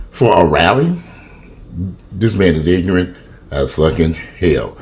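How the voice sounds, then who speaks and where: A man's voice: lowish voice, quick pace, darkish tone. A man in his fifties ranting profanely and animatedly in a casual home vlog, filming himself on a camera in his kitchen. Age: 50s. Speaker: vlogger.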